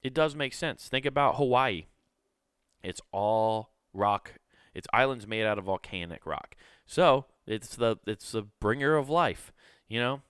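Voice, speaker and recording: A man's voice: mid-range voice, expressive, measured pace, fairly bright tone, clean tone, no room sound, studio quality. A man telling a crude, laid-back comic story in casual podcast talk.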